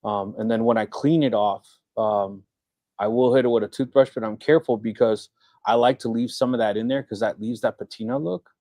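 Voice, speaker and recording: A middle-aged man co-hosting a live maker Q&A in casual chat, telling stories and acting out the voices of people he quotes. His voice sits at a medium pitch and is recorded close and dry, with no room sound. It is the sound of a relaxed livestream talk among hobby makers. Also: brisk, dry recording. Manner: chatty storyteller who acts out quoted voices.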